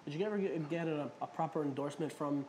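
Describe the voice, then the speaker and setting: A man interviewing a guest in a casual, chatty way, asking quick questions and joking at his own expense. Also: on the high side, crowd noise. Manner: quick, chatty, laughs at himself.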